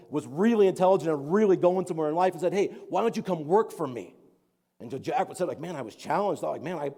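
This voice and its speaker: A man's voice: fairly high pitch, dark tone. A man, preaching a sermon as a pastor and telling a story in an earnest, rambling way with many fillers. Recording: long hall reverb.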